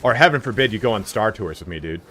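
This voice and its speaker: A man live-streaming a game, chatting casually and telling stories in a loud, animated voice. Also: fairly low pitch, fast talker.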